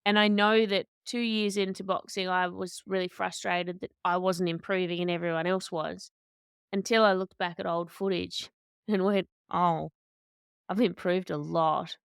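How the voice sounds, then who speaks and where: A woman, a boxer and coach telling stories as a podcast guest, candid and animated, often restarting her sentences. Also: fairly low pitch, normal speed, clean tone, no room sound, studio quality. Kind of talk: conversational storytelling.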